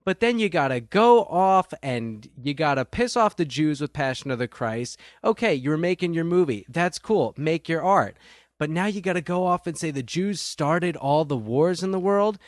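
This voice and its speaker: A man's voice: on the high side, expressive, normal speed, dry recording, studio quality. A man delivering a profane, sarcastic comedic rant straight to the listener. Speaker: comedic ranter.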